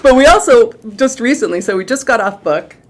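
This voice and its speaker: A woman's voice: fairly high pitch, expressive, fairly quick, a crowd in the background. A middle-aged woman, a theatre director, chatting animatedly in an interview and laughing easily. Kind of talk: casual interview chat.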